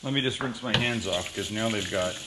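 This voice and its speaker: A man's voice: on the low side, fairly quick, heavy background noise. A man hosting a cooking show, chatting casually and telling joking stories as he cooks. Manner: joking, animated storytelling.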